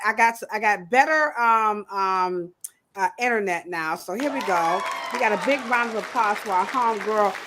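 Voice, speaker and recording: A woman hosting a casual podcast livestream, talking in a playful, animated way. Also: on the high side, background noise. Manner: animated, playful, acts out quoted voices. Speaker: podcast host.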